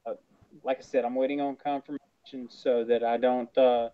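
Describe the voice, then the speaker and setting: A man's voice: mid-range voice, level tone, moderate pace, clean tone. Man on a dull, lo-fi podcast line. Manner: announces show details, self-mocking. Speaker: podcast co-host. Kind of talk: casual podcast chat. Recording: dull lo-fi sound.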